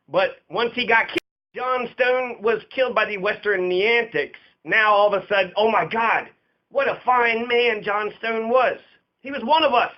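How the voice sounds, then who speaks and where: A man giving blunt, profane, casual commentary on history in a ranting way. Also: high-pitched. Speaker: history podcaster. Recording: dull lo-fi recording.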